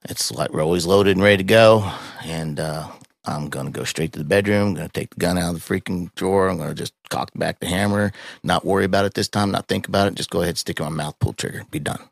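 Deep gravelly middle-aged man, halting and raw. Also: no echo, studio quality. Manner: raw, halting, swears often, with many restarts and fillers. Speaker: podcast guest. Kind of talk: emotional personal storytelling.

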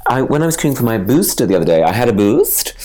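Lively-pitched chatty man. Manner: chatty, laughs often, quick asides. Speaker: podcast co-host. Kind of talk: casual chat.

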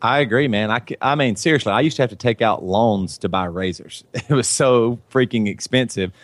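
A man with a medium-pitched voice reads a sponsor spot with eager enthusiasm. His voice is close-miked and dry. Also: dry recording. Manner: enthusiastic, quick. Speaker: podcast co-host. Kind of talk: sponsor ad read.

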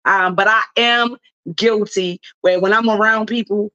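A woman's voice: medium pitch, steady tone, unhurried, pushed and bright, muffled recording. A woman from Baltimore with a Baltimore accent, hosting talk radio in a loose, chatty way that is full of slang. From Baltimore, Maryland, USA. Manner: chatty, laughs often, loose slangy phrasing. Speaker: radio host. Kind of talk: casual talk radio commentary.

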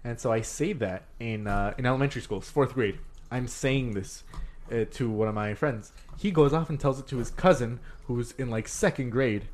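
A man's voice: mid-range voice, normal speed, darkish tone. A young man telling crude stories in a casual chat among friends, mocking others with put-on voices.

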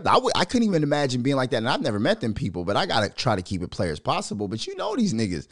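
A man hosting a podcast, ranting in a profane, animated, mocking way and laughing between remarks. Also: mid-range voice, quick pace, hardly any pauses, no room sound, studio quality. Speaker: podcast host. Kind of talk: casual commentary rant.

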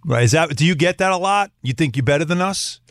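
A man's voice: fairly high pitch, fast, no room sound, studio quality. A man hosting a sports radio show, bantering and teasing a guest. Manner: teasing, animated, mimics people.

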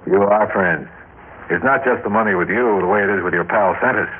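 An actor playing a brash, scheming male TV manager in an old radio drama, talking fast and eagerly. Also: on the low side, close to an everyday voice. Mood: brisk. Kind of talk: 1950s radio drama acting. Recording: tinny old radio broadcast, faint hiss.

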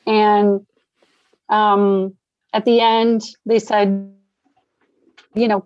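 A middle-aged woman tells a personal story in a relaxed, conversational way. She is animated and slips into the voices of the people she quotes. The recording is dull and dry. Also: mid-range voice, drawn-out words, no echo. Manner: animated, acts out quoted voices, laughs often. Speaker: guest sharing recovery story. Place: Denver area.

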